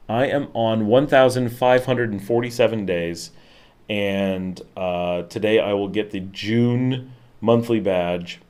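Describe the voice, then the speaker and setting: A man's voice: on the low side, a little mellow. A middle-aged man with a Buffalo, Western New York accent, chatting casually on a live stream, rambling with many fillers and restarts. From Western New York, USA. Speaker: livestream host. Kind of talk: casual live-stream chat reading viewer comments.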